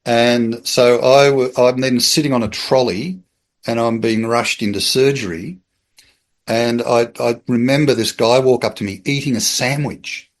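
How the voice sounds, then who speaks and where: A middle-aged Australian man, a podcast guest, telling a story in an animated, chatty way and acting out the people in it. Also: mid-range voice, measured pace. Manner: animated storyteller, acts out quoted voices, chuckles. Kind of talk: casual anecdotal storytelling.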